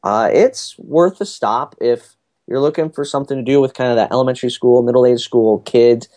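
A man's voice: medium pitch, moderate pace, warm tone. A man, chatting casually and rambling through a family story with many fillers. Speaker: podcast guest recounting a family cruise. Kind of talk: casual chat.

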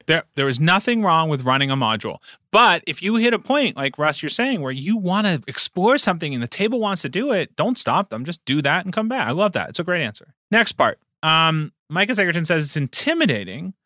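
A man talks shop about running tabletop games in an easy, chatty way. His voice is bright and forceful, and it swings up and down with energy. The sound is dry and close. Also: fairly high pitch, a little fast, hardly any pauses, dry recording. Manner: animated, laughs often. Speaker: podcast co-host and game master. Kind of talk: casual chat.

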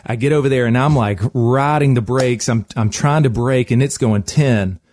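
A man hosting a radio show, telling a lively personal story with frequent laughs. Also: medium pitch, normal speed.

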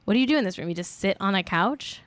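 A woman's voice: medium pitch, expressive, fast, a bit bright, no echo. A woman hosting a podcast in casual chat, sarcastic and blunt, swearing freely and filling her talk with "like". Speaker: podcast host.

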